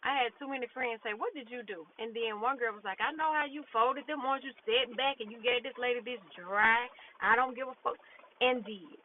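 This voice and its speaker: A woman vlogger with a fairly high voice rants briskly about a work incident, blunt, profane and frustrated, acting out what other people said. The audio is tinny and phone-like, with faint noise.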